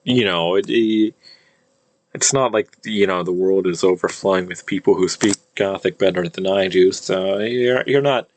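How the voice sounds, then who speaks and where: A man teaching an old language, thinking aloud, with many fillers and restarts and slow word-by-word reading. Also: low-pitched, slight background noise. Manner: reads old-language text slowly, word by word. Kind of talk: casual screen-share lesson.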